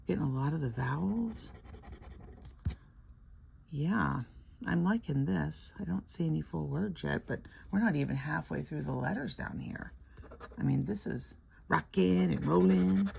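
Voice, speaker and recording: A woman's voice: sits low, a little slow, gravelly, darkish tone, a little hiss or hum. An older woman chatting casually at home while scratching lottery tickets, rambling, laughing often and murmuring letters half under her breath.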